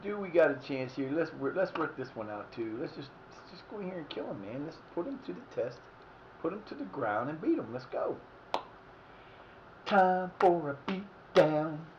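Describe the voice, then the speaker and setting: Excitable cursing man streaming. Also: fairly high pitch, fairly quick, dull audio, slight background noise. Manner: swearing, exasperated, talks to himself. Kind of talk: live game commentary.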